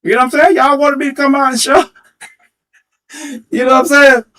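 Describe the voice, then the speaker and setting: High pitched guy on a headset mic going off on a livestream, taunting and repeating himself. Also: fairly even intonation, fairly quick, pushed and bright, far from the mic. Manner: taunting, confrontational, repeats phrases. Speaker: livestream host. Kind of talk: heated livestream rant.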